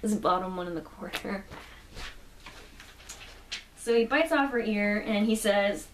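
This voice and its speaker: A woman chatting through a comic book plot and quoting the characters' lines along the way. Her voice sits at an ordinary middle pitch. It comes from some distance off a mic in a roomy, echoing space. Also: measured pace, slight background noise. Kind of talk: casual plot recap.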